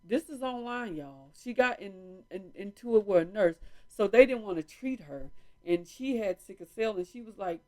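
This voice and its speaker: A woman's voice: medium pitch, animated, moderate pace, warm tone. A woman in casual live-stream talk, chatting to viewers as y'all from home with a small microphone. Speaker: vlog host. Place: indoors, at home. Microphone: small microphone on a phone or camera.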